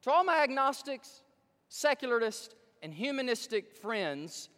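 A brash, breezy radio announcer selling his pitch, put on by a male preacher. He sits high and swings widely in pitch. The voice rings out into a long hall reverb. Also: very animated, unhurried, fairly bright tone, exaggerated voice. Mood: salesy.

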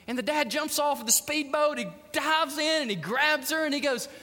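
Middle-aged preacher with a high, bright voice and a dramatic, emphatic delivery, recorded in a church hall with long reverb. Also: male voice, normal speed. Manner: dramatic, emphatic storytelling, swinging between hushed and loud. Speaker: pastor. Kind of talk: sermon. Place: church sanctuary.

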